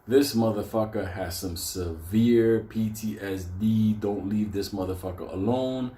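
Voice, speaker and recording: A man telling a comedic story from his own life in a profane, animated way, laughing often. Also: fairly low pitch, unhurried. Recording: roomy echo.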